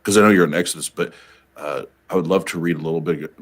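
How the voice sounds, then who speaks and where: A man's voice: sits low, fast. A man on a remote call mic in casual, bawdy joking chat, stammering and restarting as he talks. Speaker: guest reader on a call-in stream.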